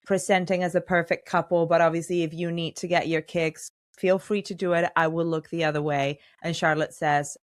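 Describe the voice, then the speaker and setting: A woman hosting a podcast, retelling scenes in a lively, chatty way and voicing the characters' lines as she goes. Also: lowish voice, brisk, hardly any pauses. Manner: animated storytelling, acts out characters' lines. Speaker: podcast host. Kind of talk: casual podcast recap chat.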